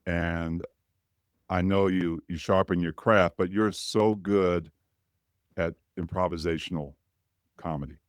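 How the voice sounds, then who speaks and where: Deep smooth-voiced male podcast host. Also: fairly even intonation, unhurried, long pauses, dry recording. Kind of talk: interview questions.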